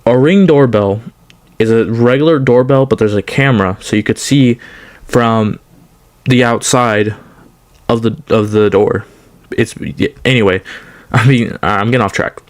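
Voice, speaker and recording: A man's voice: medium pitch, clean tone. A young man telling a casual storytime on his channel, rambling with many restarts and fillers. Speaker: storytime YouTuber.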